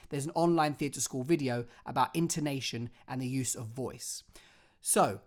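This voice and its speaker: A drama teacher leads an online acting lesson, laying out clear instructions one step at a time. Her delivery is theatrical and expressive, in a mid-range voice.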